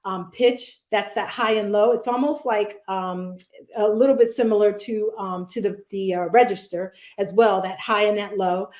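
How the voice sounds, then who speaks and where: A woman's voice: mid-range voice, steady tone, normal speed, darkish tone. Woman presenting a speaking workshop, echoey. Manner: conversational, with frequent fillers and "right?" check-ins.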